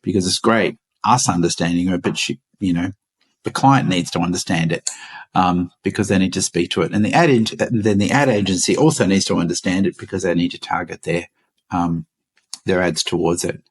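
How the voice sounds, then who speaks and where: Brief: Australian male co-host, low and husky, casual podcast chat, unhurried explainer with ums.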